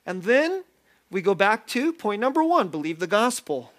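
A man preaching a sermon as pastor, lively and self-deprecating, often laughing as he talks. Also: high voice, normal speed. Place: church sanctuary.

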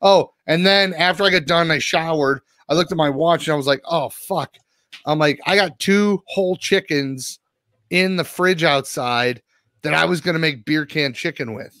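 A man co-hosting a podcast, telling a long rambling story full of swearing. He is sore and worn out after a rough day. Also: fairly high pitch, moderate pace, bright, forceful tone, no echo, studio quality. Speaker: podcast co-host. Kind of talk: casual podcast chat.

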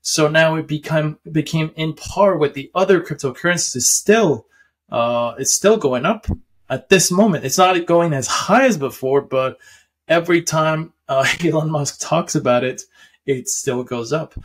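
A man's voice: on the high side, a little slow, a little hiss or hum. A young man casually explaining how stocks work, rambling with many fillers and restarts and chuckling often. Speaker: finance video host.

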